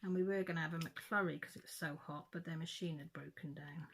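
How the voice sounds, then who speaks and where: A middle-aged woman with a fairly low voice, chatting away to her viewers. She tells her story in a loose, rambling way, often restarting and correcting herself mid-sentence. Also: steady tone, a little fast, gravelly, a bit bright, slight background noise. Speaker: craft vlogger. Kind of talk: casual chat, storytelling.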